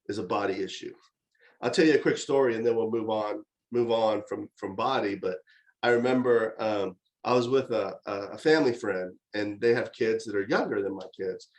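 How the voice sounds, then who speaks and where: A man's voice: mid-range voice, rough recording. A man giving a conversational lecture on parenting, telling stories and acting out exasperated outbursts. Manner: storytelling, with animated quoted outbursts.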